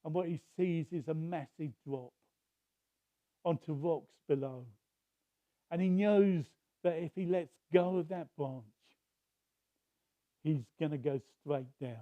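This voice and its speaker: Male preacher, sermon story, high-pitched, slow pace, slightly dull recording. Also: steady tone, no echo. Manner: conversational, with restarts.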